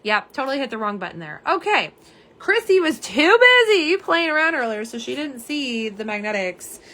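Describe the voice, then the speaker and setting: A young woman with a slightly hoarse, fairly high voice hosts a casual live stream. She is chatty and self-deprecating and talks straight to her viewers. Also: sing-song, moderate pace, pushed and bright. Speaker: live stream host showing nail polish swatches.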